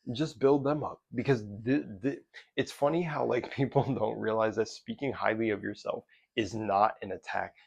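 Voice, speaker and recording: A man's voice: on the low side, gravelly, a little mellow, breathy edge, no echo. A man vlogger giving casual motivational talk, loose and profane, rambling with restarts as if chatting with a friend. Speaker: self-development vlogger.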